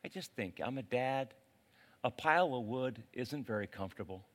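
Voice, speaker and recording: A man preaching a sermon as a pastor, in a casual, animated way with slang. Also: mid-range voice, normal speed.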